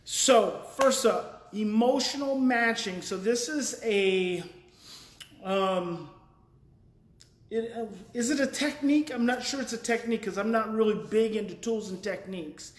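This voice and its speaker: A man's voice: high-pitched, a little slow. Earnest man explaining in an echoey room. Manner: earnest and explanatory, thinks aloud with restarts. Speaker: parenting educator hosting a daily live talk. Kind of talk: casual live talk reading viewer comments.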